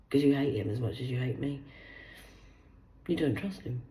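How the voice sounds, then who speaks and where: A woman in her forties, losing her voice, who rambles, swears and swings between loud bursts and hushed asides as she hosts a solo chat. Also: a bass voice, expressive, moderate pace, reverberant, poor audio. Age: 40s. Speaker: host. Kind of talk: rambling solo live chat reading aloud.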